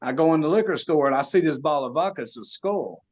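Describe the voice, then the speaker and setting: A man's voice: a little high, animated, fast talker. A man, a podcast guest telling a story in casual slang, laughing as he goes.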